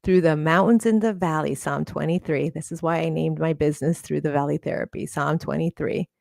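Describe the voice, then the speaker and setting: The therapist, a woman appearing as a podcast guest, chats casually in an earnest, encouraging way and laughs a lot. Her low-pitched voice is darkish with vocal fry, fairly even intonation and a slightly fast pace, in a dry studio-quality recording.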